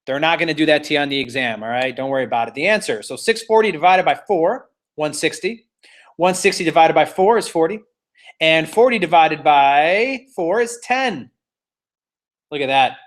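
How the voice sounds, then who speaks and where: A man teaching a live online real estate exam class, playful and teasing, walking students step by step and cheering them on. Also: fairly high pitch.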